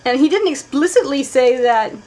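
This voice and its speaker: A woman's voice: high voice, expressive, moderate pace. Chatty woman streaming a horror game. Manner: chatty, thinks aloud, swears, swings from loud outbursts to mutters. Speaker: let's play streamer. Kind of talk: casual gameplay commentary.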